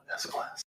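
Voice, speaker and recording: A tired man co-hosting a casual sports podcast, rambling with lots of ums and casual swearing. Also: bright, forceful tone. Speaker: co-host. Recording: echoey room.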